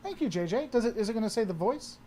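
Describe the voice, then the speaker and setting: A man's voice: high-pitched, expressive, fast talker, dark tone, slight background noise. A man hosting a casual livestream, answering chat and often trailing off and restarting his sentences.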